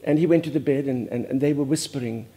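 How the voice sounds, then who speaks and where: A man's voice: mid-range voice, quick pace, mellow, lightly acted. A man playing a prim, earnest older Afrikaans society lady with an Afrikaans South African accent, confiding in a monologue that drops Afrikaans words. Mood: remorseful. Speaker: host. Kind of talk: character monologue.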